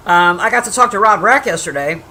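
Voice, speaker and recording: On a rough recording with slight background noise, the streamer sounds animated, bright, and forceful at a medium pitch. She swears her way through blunt movie commentary, pokes fun at her silent chat, and keeps restarting and wandering into long side remarks.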